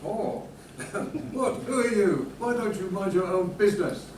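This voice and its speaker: A man's voice: high voice, measured pace, darkish tone. A man playing a bumbling, indignant genie in an amateur panto comedy. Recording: echoey room, far from mic, noisy.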